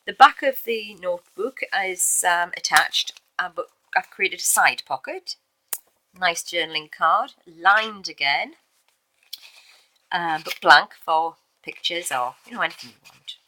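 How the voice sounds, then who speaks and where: A woman with a fairly low, expressive voice casually shows off a handmade journal she made, speaking a little slowly in a sharp tone. She chats along with fillers and small self-corrections, like a show-and-tell video. The recording is rough, with slight background noise.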